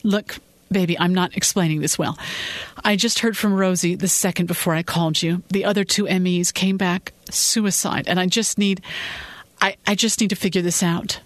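A woman's voice: on the low side, fairly even intonation, moderate pace, no echo, pitched above the performer's own voice, close to an everyday voice. Earnest determined wife read by a woman, apologetic but firm, dry mic. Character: determined young wife, private investigator. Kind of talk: audiobook-style fiction reading.

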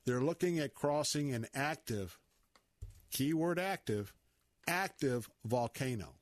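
Folksy Southern radio host. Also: male voice, mid-range voice, lively intonation, slow pace. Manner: folksy, preachy, conversational. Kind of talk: Christian talk radio monologue.

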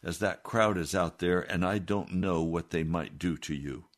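Man reading a protective farm wife, low voice, warning. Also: moderate pace, close to an everyday voice.

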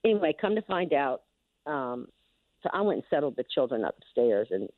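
An older woman phones in to a radio show, her rumbling low, sing-song voice coming through a tinny line at normal speed with no echo. A neighborhood security district official, she rambles through a long story, restarting often, adding asides, and saying "you know" a lot.

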